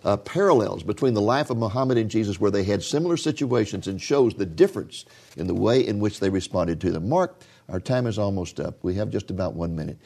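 A man's voice: on the low side, lively intonation, a little fast, mellow. A male host of a talk show, telling stories to viewers in a folksy manner and steering the interview.

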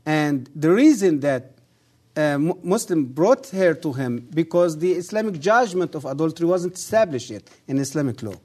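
A man, a guest on the program, giving an earnest testimony and appeal in halting English with non-native grammar, measured and solemn. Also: on the high side, lively intonation, darkish tone.

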